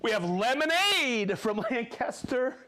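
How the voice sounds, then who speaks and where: Live stream host, male, upbeat reader of viewer shout-outs, high lively voice. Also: a little slow, slight background noise. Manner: upbeat, reads viewer names and places, jokes and laughs. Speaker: livestream host.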